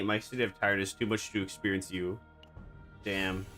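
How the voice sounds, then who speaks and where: A man's voice: low-pitched, little pitch movement, normal speed, pushed and bright, faint music behind. A man streaming a game, chatting casually and goofing around with silly bits. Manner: goofy, jokey, slips into silly voices.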